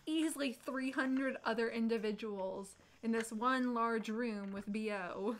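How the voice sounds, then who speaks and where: A woman co-hosting a livestream, chatting casually, teasing and blunt, quick to laugh. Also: on the high side. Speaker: livestream co-host. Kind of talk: casual chat. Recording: noisy background.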